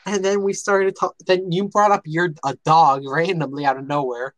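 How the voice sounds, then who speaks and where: A young man with a notably high voice chats casually on a podcast recorded over a voice call. He rambles and stumbles over his words, laughing often. The sound is dry and close. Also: steady tone, moderate pace, no echo. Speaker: podcast co-host. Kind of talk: casual chat. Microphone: online voice call.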